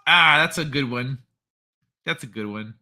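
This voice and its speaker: A man's voice: medium pitch, unhurried, bright, forceful tone. A man hosting a livestream, chatting casually and reading out viewer comments in a rambling way. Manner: rambling, thinks aloud, frequent restarts. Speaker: livestream host.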